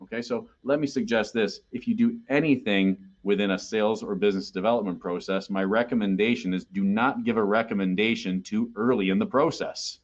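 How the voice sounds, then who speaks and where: A man's voice: fairly low pitch, brisk, hardly any pauses, highs cut off. A man presenting a sales training webinar in a conversational way, often checking in with listeners. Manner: conversational, keeps checking in with "okay?".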